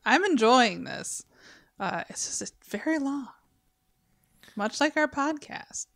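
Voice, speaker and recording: A woman's voice: sits high, expressive, slow pace, gravelly, a bit bright, no room sound, studio quality. A woman co-hosting a podcast, chatting casually with candid, rambling asides and laughs. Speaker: podcast co-host. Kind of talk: casual chat.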